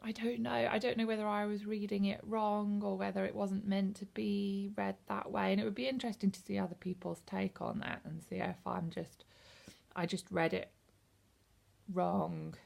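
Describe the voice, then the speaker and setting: A woman's voice: mid-range voice, little pitch movement, normal speed, vocal fry, a little mellow. A woman in her thirties from the UK, casually reviewing a book on camera in a rambling, hesitant way with lots of ums. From United Kingdom. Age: 30s. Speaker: book vlogger.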